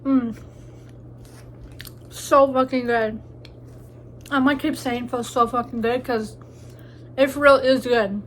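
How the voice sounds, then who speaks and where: High, slow-talking young woman vlogger. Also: steady tone, a little hiss or hum. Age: young adult. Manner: crude, joking and chatty, talks while eating. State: stuffy nose from allergies. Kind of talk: casual mukbang chat.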